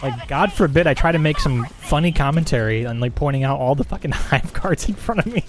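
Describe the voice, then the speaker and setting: A man's voice: fairly high pitch, expressive, fairly quick, few pauses, a little hiss or hum. Game streamer, a man, chatty and profane, voice swinging up and down, half-laughing complaints. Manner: chatty, laughing, swears a lot, mock-outraged. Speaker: gaming live streamer. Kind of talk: casual gameplay commentary.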